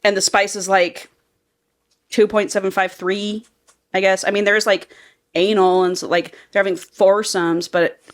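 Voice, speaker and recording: Woman podcast co-host, casual and profane storyteller, mid pitch. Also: level tone, moderate pace. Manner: chatty, profane, acts out characters while recapping. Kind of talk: casual book-review chat.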